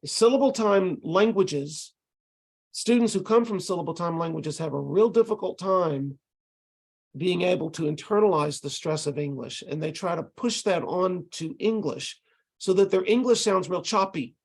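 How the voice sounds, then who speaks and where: Over a video call, a man with a high-pitched, gravelly, husky voice trains ESL tutors in an online lecture at normal speed. He explains things step by step and taps out rhythms using syllables.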